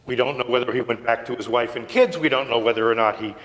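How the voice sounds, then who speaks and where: A man's voice: mid-range voice, quick pace, a bit bright, slight background noise. A male priest giving a sermon in a conversational, storytelling way, sometimes dropping to a near whisper. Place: church sanctuary. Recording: long church reverb.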